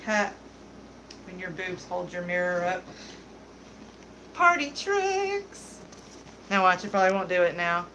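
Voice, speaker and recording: A woman's voice: lowish voice, little pitch movement, brisk, fairly bright tone, slight background noise, poor audio. A young adult woman hosting a beauty livestream, chatting casually with viewers in a giggly, candid, joking way. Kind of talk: casual livestream chat, reading viewer comments.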